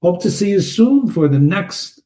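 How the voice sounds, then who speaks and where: A man hosting a literature channel, casually analyzing a short story with digressive anecdotes, wry asides and quick laughs. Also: high voice, very animated, mellow. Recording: echoey room.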